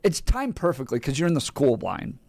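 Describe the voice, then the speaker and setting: A man's voice: on the high side, big pitch swings, a little fast, vocal fry, darkish tone, dry recording. A man hosting a talk radio show, recapping the day's segments and bantering casually with his co-host into a studio microphone.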